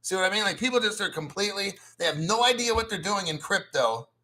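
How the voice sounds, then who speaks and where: A man hosting a casual crypto livestream, blunt and profane, clearing his throat often and reading viewer chat aloud. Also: high voice, expressive, fast talker, bright, forceful tone. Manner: mocks newcomers with sarcastic put-on quotes; reads and answers viewer chat messages. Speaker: crypto channel host.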